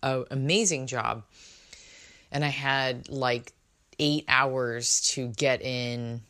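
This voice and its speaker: Very low-voiced bubbly woman podcast host. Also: slow pace, fairly bright tone. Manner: bubbly, laughing, rambling. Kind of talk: casual chat. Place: indoors in London.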